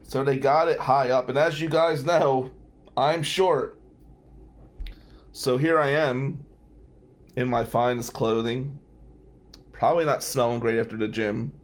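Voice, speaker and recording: Wry storytelling man from New Jersey. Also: medium pitch. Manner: wry, profane, animated anecdotes. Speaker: podcast host and defense lawyer. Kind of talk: casual storytelling.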